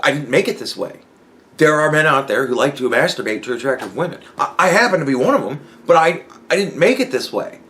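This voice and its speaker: A man's voice: fairly high pitch, expressive, a little fast, bright, forceful tone. A man talking casually on his own podcast, rambling and swearing, with frequent stammering restarts and acted-out imagined dialogue. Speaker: podcast host. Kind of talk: casual solo commentary.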